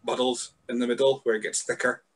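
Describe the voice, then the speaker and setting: A man with a light Scottish accent hosting a casual podcast chat over a remote call, self-mocking and quick, with lots of stammered restarts and the odd swear. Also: mid-range voice, level tone. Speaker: podcast host.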